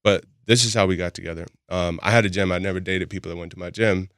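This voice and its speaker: Male podcast guest, rapid and candid storyteller, deep voice with a dry studio sound. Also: steady tone, a bit bright, clear, resonant tone, no echo. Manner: candid, laughs often while telling stories. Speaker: podcast guest, boxing gym founder. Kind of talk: casual storytelling chat.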